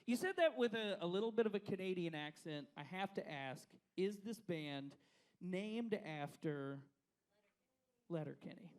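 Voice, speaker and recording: A man hosting a live comedy-and-music show, loud and profane, joking with a bar audience. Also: high voice, expressive, moderate pace, clean tone. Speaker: host. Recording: live venue, crowd audible.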